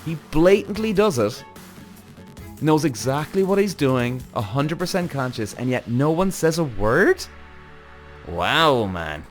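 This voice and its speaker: A man hosting a podcast, giving casual, rambling commentary on a TV series, animated and swearing often. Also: fairly high pitch, a little slow, soft background music. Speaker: podcast host.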